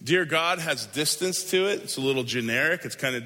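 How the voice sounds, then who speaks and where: Male pastor, sermon delivery, conversational but emphatic, bright tone, big reverberant hall. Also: on the high side. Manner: conversational, emphatic, shifts between quick asides and slow stressed phrases.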